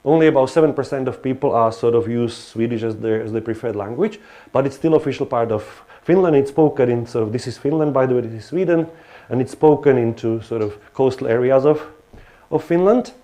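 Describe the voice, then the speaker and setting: A man's voice: medium pitch, fairly quick, mellow. Hesitant male lecturer. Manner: hesitant, many restarts and fillers. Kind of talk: academic lecture.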